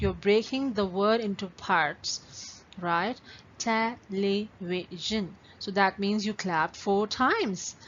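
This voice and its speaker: Slow, patient woman teaching young pupils. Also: medium pitch. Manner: slow, patient, stretches words syllable by syllable. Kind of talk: online class lesson for young pupils. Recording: dull lo-fi recording with faint ambient noise.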